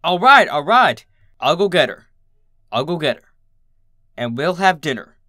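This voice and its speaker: A man doing a gentle, frightened pony father, pleading. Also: a little high, big pitch swings, unhurried, no room sound, clean studio sound, pitched above the performer's own voice, heavily acted. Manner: soothing, pleading.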